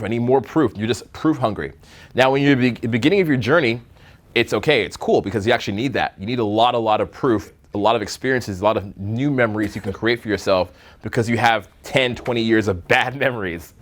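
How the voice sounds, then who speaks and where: A man coaching a live seminar room on dating, talking bluntly with swearing and jokes, slipping into mocking voices to make his points. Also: medium pitch. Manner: blunt, profane, joking, slips into mocking put-on voices.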